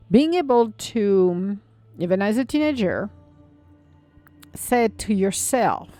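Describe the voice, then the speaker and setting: A woman who speaks as a hosts a solo self-help podcast in a blunt, tough-love way, swearing without hesitation. Her voice sits at an ordinary middle pitch and is recorded close and dry. Soft music plays faintly underneath. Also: lively intonation, a little slow, no echo. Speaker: podcast host.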